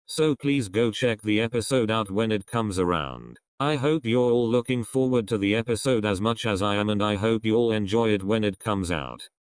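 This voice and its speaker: A man with a lowish voice delivers a deadpan, mock-serious comedic prediction. The recording is dry, with no room sound. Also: normal speed, few pauses, clear, resonant tone, no echo. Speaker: video commentator.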